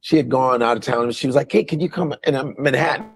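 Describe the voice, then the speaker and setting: A man telling a story in casual talk, animated and swearing freely. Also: mid-range voice, quick pace, gravelly.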